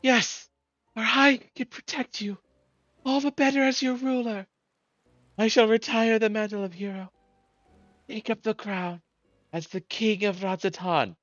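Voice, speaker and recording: A man's voice: high voice, steady tone, measured pace, pauses often, fairly bright tone, no room sound, dull audio, faint music behind, pitched above the performer's own voice. A man playing a pompous, vain would-be king. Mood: grandiose. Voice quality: grandiose, self-important delivery. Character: pompous vain male would-be ruler, hero-turned-tyrant. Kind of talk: reading game dialogue aloud.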